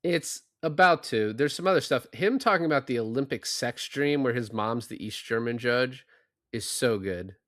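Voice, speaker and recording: A man's voice: medium pitch, normal speed, fairly bright tone, no room sound, clean studio sound. A man co-hosting a podcast, casually retelling film scenes and acting out the characters' lines. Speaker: podcast co-host.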